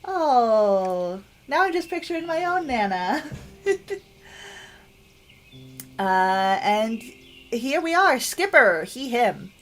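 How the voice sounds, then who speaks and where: A woman's voice: a little high, lively intonation, very slow, long pauses, soft background music. Chatty, giggly woman commenting on a game. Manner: chatty, giggly, self-deprecating, reads the on-screen text aloud. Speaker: game streamer. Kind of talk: casual gameplay commentary.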